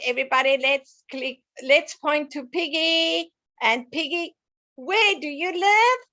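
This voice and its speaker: A woman's voice: high-pitched, a bit bright, dull audio. A woman teaching a lesson to young children, sing-song and coaxing, asking them questions as she goes.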